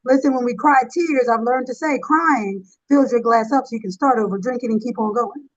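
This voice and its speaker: A woman with a high voice who works as a life coach chats as a guest and tells stories in an animated way. Her sound comes through slightly dull and lo-fi. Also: fairly quick. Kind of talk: casual chat.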